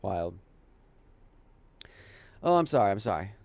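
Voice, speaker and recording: A lower-voiced man from the American South, streaming his reactions to videos in loose, casual commentary. He rambles, laughs often and swears offhandedly. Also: sing-song, measured pace, creaky, a little mellow, no room sound. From southern United States.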